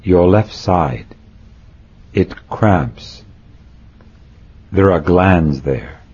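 A man reading aloud, voicing a serene, gentle male guru who speaks slowly and soothingly. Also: low-pitched, breathy edge, pitched below the performer's own voice, heavily acted. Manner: slow, soothing, measured. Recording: dull lo-fi recording.

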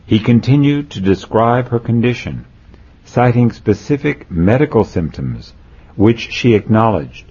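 A man slowly reading a spiritual memoir aloud, marking quotes as he goes. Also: fairly low pitch, expressive, a little mellow, husky. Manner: slow, deliberate reading, says "quote" and "end quote". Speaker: narrator. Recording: dull lo-fi recording.

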